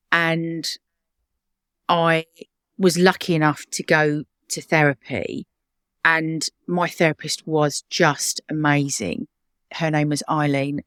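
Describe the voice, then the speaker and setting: Chatty uk woman, founder guest, lowish voice, dry close sound, laughs a lot. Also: no echo. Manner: animated, laughs often, acts out quoted voices. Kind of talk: conversational interview storytelling.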